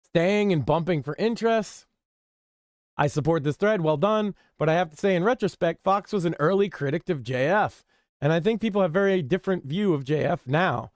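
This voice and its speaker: A man's voice: a little high, animated, normal speed, no echo, clean studio sound. A man hosting a casual commentary stream, reading forum posts with wry, offhand remarks. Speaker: stream host.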